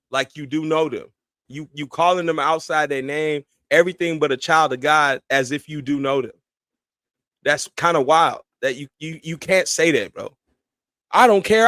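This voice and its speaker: A high-pitched man hosts a live stream and rants bluntly, with heat and plenty of swearing. His voice sits close on the mic in a dry, dead-sounding room. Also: bright, forceful tone, dry recording. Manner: blunt, heated, profane ranting. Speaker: streamer host. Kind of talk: casual live-stream commentary.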